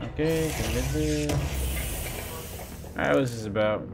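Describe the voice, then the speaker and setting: A man's voice: measured pace, over music. Playful man joking through a game. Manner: playful, teases enemies, bursts into high whoops. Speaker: gameplay streamer. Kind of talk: casual let's-play commentary.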